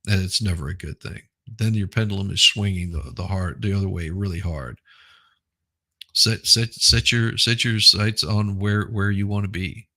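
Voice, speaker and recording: A low-pitched man speaks at normal speed with a pushed, bright delivery. He hosts a casual, opinionated news commentary channel, talking bluntly and often repeating himself.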